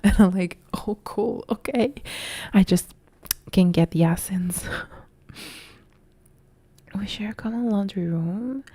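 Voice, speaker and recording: Whispering Italian-accented woman, dark fry. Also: medium pitch, dry recording. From Italy. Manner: soft whispered chat reading viewer comments. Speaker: ASMR live streamer. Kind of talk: whispered role-play.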